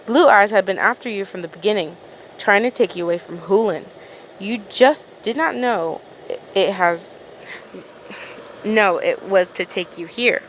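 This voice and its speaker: Woman fan-fiction reader, mid pitch, casual and stumbling. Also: measured pace, a little hiss or hum, poor audio. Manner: casual reading, frequent stumbles and restarts. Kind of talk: reading a second-person story aloud.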